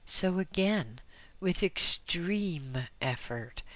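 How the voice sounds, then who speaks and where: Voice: mid-range voice, animated, extremely slow, fairly bright tone, dry recording. A reader narrating a first-person memoir with dry, wry asides. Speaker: audiobook reader.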